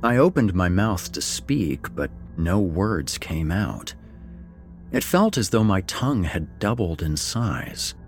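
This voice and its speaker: A middle-aged man narrating a first-person story, expressive and wry, voicing the dialogue. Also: low-pitched, slow pace. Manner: expressive, swings between wry and somber. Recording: faint background music.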